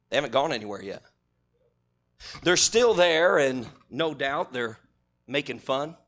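A middle-aged man preaching a sermon, animated and humorous, acting out characters as he tells the story. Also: mid-range voice.

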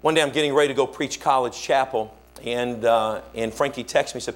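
A male pastor with a mid-range voice speaks briskly while preaching, telling stories in an animated way and acting out the voices of the people he quotes.

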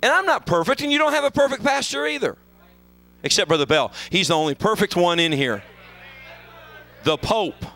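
A man preaching a sermon as pastor of a church, swinging from hushed low lines to loud shouted peaks. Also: expressive, normal speed, pauses often, poor audio. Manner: fervent preaching, sweeping from hushed lows to shouted highs. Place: church sanctuary.

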